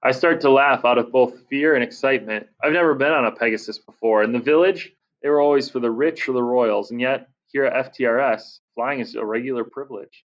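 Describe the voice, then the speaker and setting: A man reads a children's fantasy novel in first person, with lively, expressive narration. His voice sits at an average pitch. The recording is dull and muffled, like lo-fi audio. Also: a little fast, hardly any pauses.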